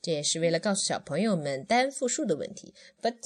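Gentle woman coaching a child. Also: on the low side, very animated, fast. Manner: gentle, coaxing teacher talk, sings along. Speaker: parent teaching a children's song. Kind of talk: bilingual kids' song lesson.

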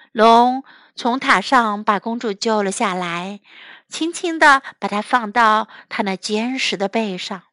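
A woman teacher reading a children's story aloud in two languages, clear and expressive. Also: a little high, no echo. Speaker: English teacher.

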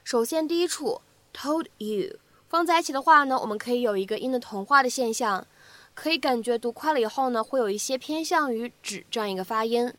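A woman English teacher giving a spoken English lesson, cheerful and clear, repeating phrases as she explains them. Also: a little high, a little fast, no room sound.

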